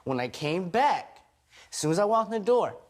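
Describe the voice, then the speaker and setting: A man's voice: high voice, big pitch swings, moderate pace. Man rambling through courtroom testimony. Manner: rambling retelling, acts out quoted lines. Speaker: husband in a TV court case.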